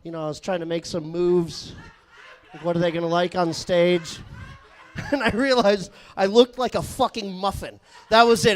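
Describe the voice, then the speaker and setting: A man's voice: sits high, moderate pace. A man doing a live stand-up set, telling rambling, self-mocking stories full of swearing. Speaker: stand-up comedian. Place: live comedy stage.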